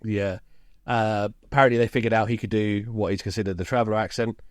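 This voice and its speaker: A man talks through a film like a friend telling a story, easy and chatty. His voice sits a little low. The recording is dry and close, with no room sound. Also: steady tone, fast talker, no echo. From England, around London. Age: 30s. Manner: chatty storyteller, recaps scenes with laughs. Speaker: podcast co-host. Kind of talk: casual film-discussion chat.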